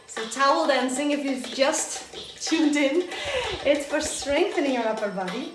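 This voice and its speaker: A woman's voice: sits high, measured pace. A woman teaching a live online belly dance class, counting and singing rhythms as she dances and drifting nearer and farther from the mic. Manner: energetic, counts and sings rhythms while dancing. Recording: echoey room with faint music.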